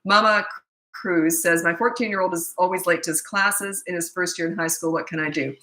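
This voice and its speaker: A woman's voice: on the low side, fairly even intonation, a little fast, sharp tone, low-quality recording. A middle-aged woman, a parenting coach, answering viewer questions in a blunt, chatty way and telling stories with laughter. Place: Australia.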